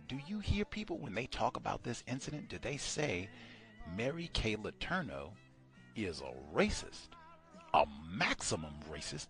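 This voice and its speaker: A man's voice: fairly low pitch, fairly bright tone. A man hosting a radio study session, talking emphatically and asking pointed rhetorical questions. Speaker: radio show host.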